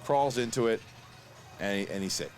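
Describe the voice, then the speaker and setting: A man hosting a casual watch-along review, talking excitedly in quick bursts and laughing often. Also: fairly low pitch, soft background music. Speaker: host.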